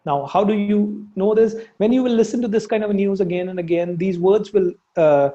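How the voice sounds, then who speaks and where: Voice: medium pitch, moderate pace, warm tone. Hesitant Indian-accented English teacher, dull sound. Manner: hesitant, many fillers and restarts. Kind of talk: casual spoken lesson, mixing in Hindi.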